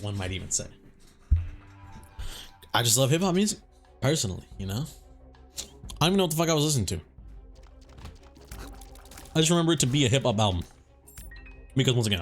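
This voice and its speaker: A man's voice: mid-range voice, fairly bright tone. A young man telling a story in a laid-back, rambling way over gameplay, swearing freely as he goes. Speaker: gaming YouTuber.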